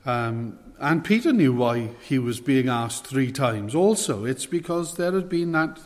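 Guy preaching a sermon, mid-pitched voice, earnest and emphatic, long hall echo behind him. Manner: earnest, emphatic, rising on quoted questions.

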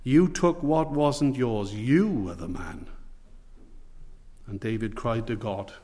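A man preaching a sermon, earnest and emphatic, slowing down on the words he wants to stress. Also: medium pitch, dark tone. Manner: earnest, emphatic, slows for weight. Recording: long hall reverb.

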